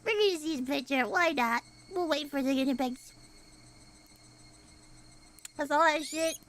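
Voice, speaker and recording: A young woman streamer chatting casually to her viewers, rambling, swearing and laughing loudly and often. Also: sits high, moderate pace. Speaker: streamer and voice actor. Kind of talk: casual live-stream chat.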